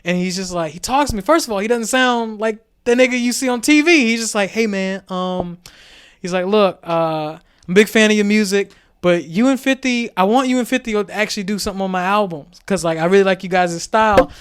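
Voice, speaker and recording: This young co-host has a high, clean voice and a brisk delivery during a casual podcast chat. Animated as he recounts stories, he laughs often and performs other people's quotes.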